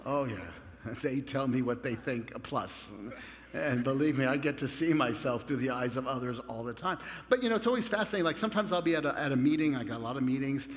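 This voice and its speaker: A man preaching a Catholic sermon in a relaxed, conversational way, with joking asides to the congregation. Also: medium pitch, quick pace. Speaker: Catholic priest. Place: large church. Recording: long church reverb.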